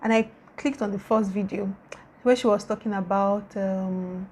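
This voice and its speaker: A woman's voice: mid-range voice, fairly even intonation, moderate pace, darkish tone, breathy edge. A young woman with a Nigerian accent chats casually to her vlog audience. She gushes and circles back, repeating her praise over and over in a mid-range, everyday voice. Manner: gushing, repetitive, effusive. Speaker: YouTuber.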